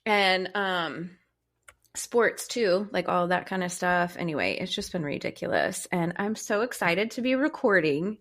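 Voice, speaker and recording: A woman's voice: on the low side, measured pace. A young adult woman co-hosting a podcast, chatting casually and telling a funny story with lots of laughter. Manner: chatty storyteller, laughs often, animated retelling. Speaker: podcast co-host. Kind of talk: casual chat.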